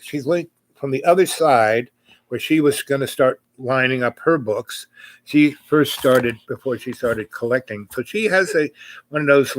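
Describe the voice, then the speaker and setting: A man's voice: mid-range voice, fairly bright tone, slight background noise. A middle-aged man hosting a podcast, telling a personal story casually and rambling, with many fillers and restarts. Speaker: podcast host.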